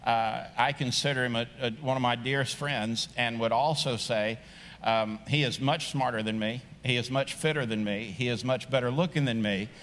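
A man's voice: medium pitch, moderate pace, a bit bright, a little hiss or hum. A middle-aged man preaching a sermon as pastor, conversational and joking, building to emphatic rising points. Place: large church sanctuary. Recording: long reverb of a large church hall.

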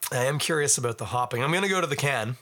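A man's voice: mid-range voice, animated, very fast, pushed and bright. A man giving a casual, rambling beer tasting review full of asides.

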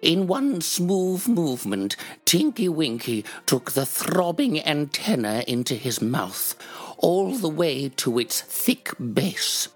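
A performer doing an impression of an elderly grand dame, reading her own fiction slowly and primly. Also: medium pitch, sing-song, faint music behind.

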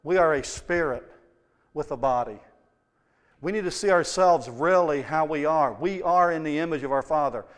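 Male preacher, high voice, impassioned and conversational, long church reverb. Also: normal speed, clean tone. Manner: impassioned, conversational storytelling with rising emphasis. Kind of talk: sermon. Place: church sanctuary.

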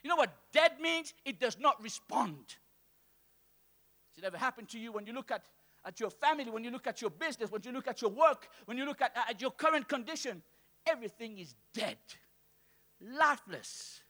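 A male pastor preaching a call-and-response sermon to a church congregation, swinging between soft asides and shouting. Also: very high voice, lively intonation, brisk.

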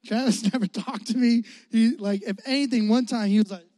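A young male preacher from the Chicago area with a high voice, telling a story in an animated, joking way and talking straight to his audience. The recording is close and dry. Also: a little fast, no room sound. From Chicago area, United States. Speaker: youth preacher. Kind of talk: storytelling sermon.

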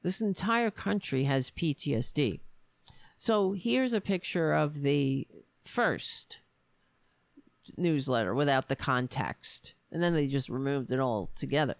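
A woman's voice: low voice, lively intonation, measured pace, vocal fry, dry recording. A woman hosting a political commentary show, talking in a sarcastic, profane and exasperated way. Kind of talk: casual political rant.

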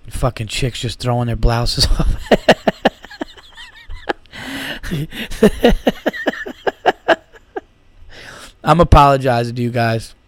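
Tired comedian guy in his 30s riffing on his podcast, kinda sick, swears a lot, normal pitch, dry close mic. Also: fairly even intonation, a little fast, few pauses, fairly bright tone, no echo. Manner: rambling, profane, giddy riffing. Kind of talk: casual solo podcast monologue.

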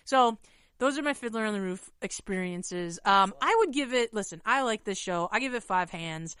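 A woman co-hosting a podcast about musical theater, telling stories in a chatty, animated way full of fillers. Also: mid-range voice, moderate pace, smooth, dry recording, studio quality. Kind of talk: casual chat.

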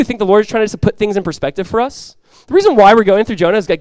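Fast-talking pastor, conversational. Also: male voice, high voice, animated, no room sound. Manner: conversational, self-deprecating, rising to emphatic peaks. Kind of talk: sermon. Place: church.

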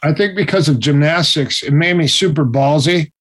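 A man telling stories in a casual interview, animated and acting out the other people's voices. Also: fairly high pitch, moderate pace, husky. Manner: animated, acts out quoted voices. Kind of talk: casual storytelling.

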